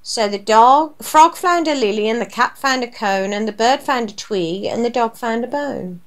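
Woman, children's story reading, rhyming, fairly high voice. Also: normal speed. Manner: rhyming, animated delivery. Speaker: radio presenter reading a story.

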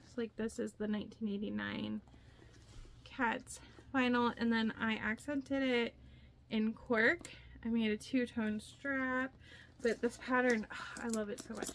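A young woman vlogger chatting casually as she shows her handmade bags, with lots of fillers and excitement. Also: on the high side, slight background noise. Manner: chatty, filler-heavy, enthusiastic. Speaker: crafting vlogger. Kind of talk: casual show-and-tell vlog.

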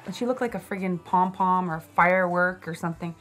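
A woman's voice: lowish voice, a little fast, a bit bright. A woman in a documentary interview, telling a personal story reflectively with casual fillers.

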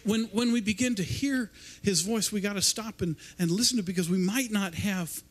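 High-voiced preacher, rambling. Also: male voice, a little fast, slight background noise. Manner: rambling, repeats and restarts words. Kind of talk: informal sermon. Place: church service.

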